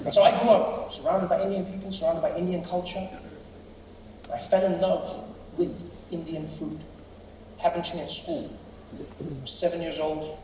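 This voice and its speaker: A man delivers stand-up in a high, animated voice and keeps checking in with the crowd. He sounds distant in a very echoey theater with a long reverb. Audience noise fills the background. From South Africa. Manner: animated, chatty, tags lines with "right?". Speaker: stand-up comedian. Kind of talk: stand-up storytelling. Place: large theater stage.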